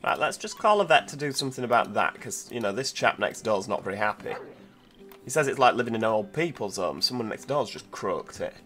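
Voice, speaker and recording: A man giving casual, chatty commentary while playing a zoo-building game, thinking aloud with lots of fillers, over quiet background music. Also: lowish voice, very animated, fairly quick. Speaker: gameplay video host. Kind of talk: casual let's-play commentary.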